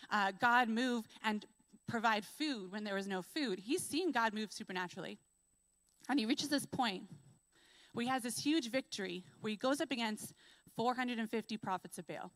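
Young woman preaching with lively storytelling. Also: fairly high pitch, normal speed, no echo. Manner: lively storytelling, acts out quotes. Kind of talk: sermon. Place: church.

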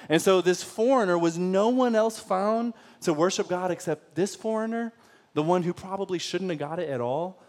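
A man's voice: fairly high pitch, normal speed. A man preaching a sermon in a casual, conversational way, often putting questions to the congregation. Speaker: pastor.

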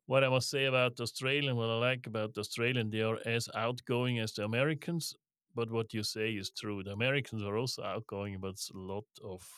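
A man's voice: medium pitch, a little fast, clean tone, no echo. A middle-aged man from Switzerland, a guest in an interview, speaking casually and telling stories with laughs and restarts. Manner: lively storytelling with laughs, frequent restarts. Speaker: guest, investment firm co-founder.

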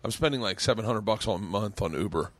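A man's voice: on the low side, brisk, dry recording. A man hosting a podcast, talking loosely and profanely in casual chat. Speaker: podcast host.

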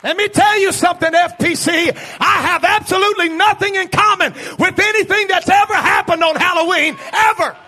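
A male pastor preaching a fiery sermon, building from talk into fervent, shouted bursts. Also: very high-pitched, a little fast, hardly any pauses.

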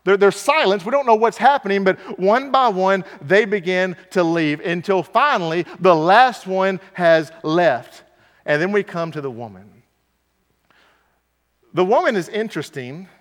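A man preaching a sermon, retelling a Bible story dramatically and voicing the characters' inner thoughts, moving from hushed lines to loud ones. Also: sits high, big-room sound.

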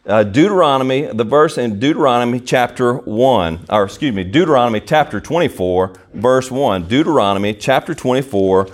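A man's voice: mid-range voice, expressive, moderate pace, hardly any pauses. Man preaching a Bible-teaching sermon. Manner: explanatory, repeats key words, many fillers.

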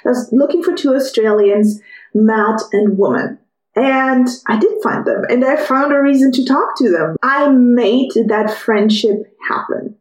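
Higher-pitched woman telling a story. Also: measured pace, reverberant, rough recording. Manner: lively storyteller, acts out overheard quotes. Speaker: podcast host. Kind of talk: personal storytelling podcast.

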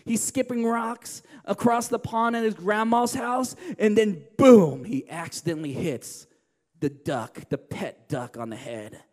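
A man preaching a sermon as pastor, swinging from loud emphatic lines to hushed, quiet ones. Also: sits high, unhurried. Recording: long hall reverb.

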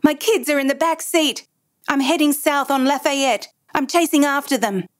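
A woman voicing a frantic shouting father. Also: sits high, normal speed, voice pushed up, lightly acted. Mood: panicked yelling. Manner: yelling urgently. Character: frantic father chasing carjacker, man.

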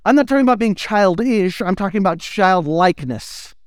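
A man, preaching a sermon in an animated, playful storytelling way. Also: sits high, brisk, smooth, no room sound, clean studio sound. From United States. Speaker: pastor.

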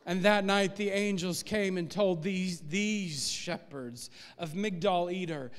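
Male pastor, high voice, animated sermon delivery, long hall reverb. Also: slow pace, hardly any pauses, smooth. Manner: animated preaching, swelling louder on key points. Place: church sanctuary.

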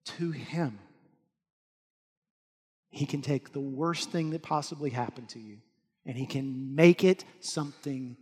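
A male pastor giving an earnest sermon, swinging between loud urging and soft, hushed lines. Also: a little high. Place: church hall. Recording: long hall reverb.

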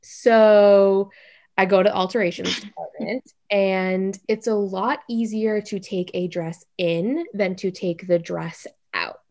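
A young woman telling a story in a casual, animated way, full of "like" fillers. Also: mid-range voice, takes it slowly.

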